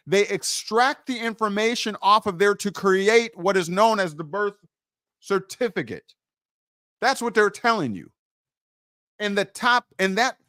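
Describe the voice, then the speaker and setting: A man's voice: high voice, a bit bright, no room sound, studio quality. A man teaching on a livestream in an emphatic way. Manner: emphatic, muttering while searching his screen.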